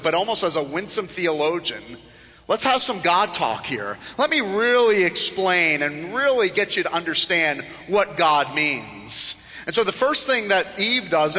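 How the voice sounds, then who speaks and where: High, bright-voiced man preaching a sermon. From South Florida. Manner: acts out the serpent's mocking voice in low hushed tones. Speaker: pastor. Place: church sanctuary. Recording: reverberant church hall.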